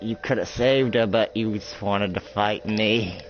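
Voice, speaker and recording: A man voicing a gloating, cackling male villain who taunts slowly and mockingly. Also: on the low side, fairly even intonation, close to an everyday voice. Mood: taunting. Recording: dull lo-fi recording with music.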